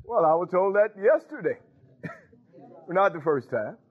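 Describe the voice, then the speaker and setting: A man's voice: high voice, sing-song, a little slow, narrow, tinny audio. A man preaching a sermon, calling out to the congregation and breaking into sung lines.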